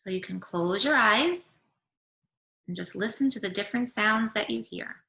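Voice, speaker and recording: A woman teacher reading a picture book aloud to young children over a video call, gently asking them questions as she goes. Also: medium pitch, normal speed, gravelly. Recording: echoey room.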